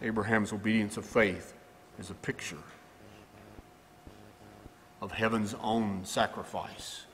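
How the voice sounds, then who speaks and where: A man preaching a sermon, his delivery swinging between quiet stretches and loud, emphatic climaxes. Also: fairly low pitch, level tone, takes it slowly, pauses often, a little hiss or hum. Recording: long hall reverb.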